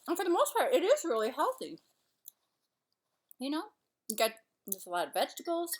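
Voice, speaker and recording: Woman vlogger, chatty and rambling, casual home talk while eating. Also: medium pitch. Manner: chatty, rambling, trailing off and restarting. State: out of breath. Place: her home, kitchen and living room couch.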